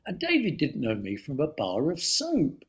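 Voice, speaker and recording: A man in his seventies from London's East End with a London accent, a guest telling lively anecdotes and slipping into voices. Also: a little high, moderate pace. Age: 70s. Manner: animated storyteller, slips into voices. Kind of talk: casual anecdote.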